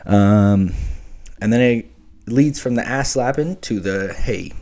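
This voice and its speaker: A man's voice: medium pitch, takes it slowly, mellow. A young man talking frankly in casual chat on his own vlog, slangy and laid-back. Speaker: vlogger host.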